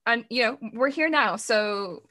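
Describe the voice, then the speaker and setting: Woman podcast host, high and bright, easygoing and slangy. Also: lively intonation, unhurried. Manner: laid-back, laughs often, slangy. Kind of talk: casual chat.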